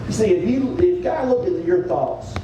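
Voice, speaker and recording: A lively man tells funny hunting stories to a banquet crowd, slipping into the voices of his characters. His fairly high voice carries from a distance through an echoey hall, with steady background noise. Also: normal speed. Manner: animated Southern-style storyteller, acting out voices. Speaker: banquet speaker. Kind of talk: humorous storytelling speech. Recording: echoey hall, from far off, noisy.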